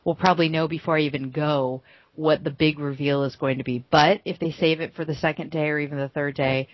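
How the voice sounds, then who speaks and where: A woman co-hosting a gaming podcast in a casual chat, bubbly and quick to giggle. Her voice sits low for a woman and comes through a dry, close home microphone with a slightly muffled, lo-fi tone. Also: fairly even intonation, dry recording. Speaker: podcast co-host.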